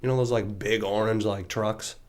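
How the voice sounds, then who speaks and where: A man's voice: lowish voice, fairly even intonation, normal speed. Young New man, co-host, laughing storyteller in a casual chat among friends. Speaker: podcast co-host.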